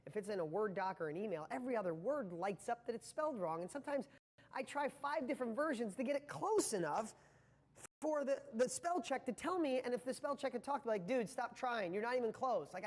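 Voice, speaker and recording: A man's voice: very high-pitched, lively intonation, a little fast, in a large hall. A man giving a live motivational training talk to viewers, speaking with passion and a rambling flow full of restarts.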